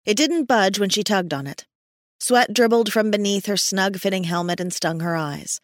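A medium-pitched woman narrates an audiobook in a measured, even storytelling style. No room sound can be heard, and the studio audio is clean.

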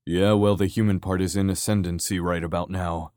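A man voicing a tense male soldier under pressure in an audiobook, low and wry, muttering. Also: steady tone, brisk, a little mellow, no echo, clean studio sound, natural voice.

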